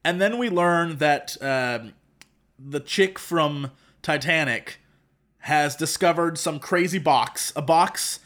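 A man co-hosting a casual podcast, recapping a movie with sarcastic, animated storytelling and mock quotes. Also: on the high side, slow. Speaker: podcast co-host.

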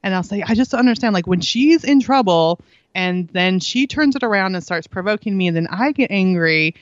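A woman's voice: mid-range voice, lively intonation, brisk, no room sound. A middle-aged woman, a guest in a casual interview, tells stories animatedly, acting out quoted dialogue and laughing often. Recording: dull dry lo-fi audio.

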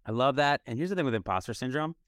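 In a clean studio recording without echo, a man in his thirties hosts a casual interview chat with a guest. His voice is medium-pitched with lively intonation, and he comes across as upbeat, enthusiastic and fast-talking.

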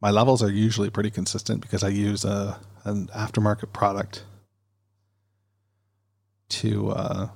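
A man's voice: fairly low pitch, completely flat delivery, normal speed, gravelly, pauses often, a little mellow. A man hosting a podcast, rambling and chatty in a casual monologue, recorded on a studio dynamic mic. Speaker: podcast host.

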